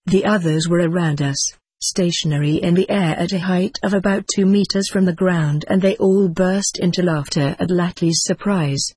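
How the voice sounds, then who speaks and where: An audiobook narrator giving an even, steady first-person reading. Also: medium pitch, normal speed, hardly any pauses, breathy edge, no room sound.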